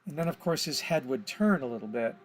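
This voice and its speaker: A man's voice: mid-range voice, animated, a little fast. A man explaining his steps in an easygoing, think-aloud tutorial, correcting himself as he goes. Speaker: animation tutor. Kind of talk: casual screen-recorded tutorial.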